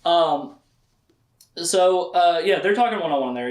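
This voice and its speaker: A man's voice: a little high, animated. Chatty man recapping a plot, echoey room. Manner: laughs often and acts out characters' lines in quick asides. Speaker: book discussion host. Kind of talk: casual plot recap lecture.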